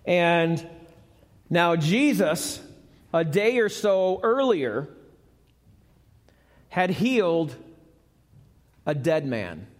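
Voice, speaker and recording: A man's voice: on the high side, very animated, very slow, long pauses. A man preaching a sermon live in a church, talking conversationally and putting questions to the congregation. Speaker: pastor. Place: church sanctuary, recorded live. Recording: long church hall reverb.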